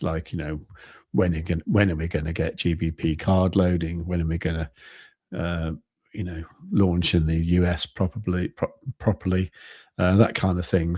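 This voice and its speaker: A man in his fifties talks to his live-stream viewers in a loose, meandering way, circling back and restarting his sentences. His voice sits low and mellow. The sound is dry and close, with no room around it. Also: no echo. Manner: rambling, halting, with many restarts and fillers. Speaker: crypto trading channel host. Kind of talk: casual live-stream chat.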